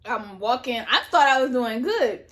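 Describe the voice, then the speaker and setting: A young adult woman vlogger telling a story in casual chat, animated, repeating herself and swearing as she goes. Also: on the high side, normal speed. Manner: animated, repetitive retelling with swearing. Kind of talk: casual storytime while eating.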